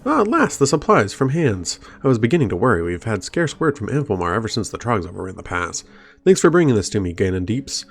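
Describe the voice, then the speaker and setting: A man's voice: on the low side, sing-song, fast talker, creaky, breathy edge, full character voice. A man reading the lines of a welcoming male dwarf innkeeper from a game.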